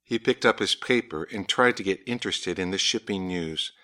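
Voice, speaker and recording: A man reading a story aloud, raising his voice higher when the characters speak. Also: normal speed, bright, forceful tone. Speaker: narrator.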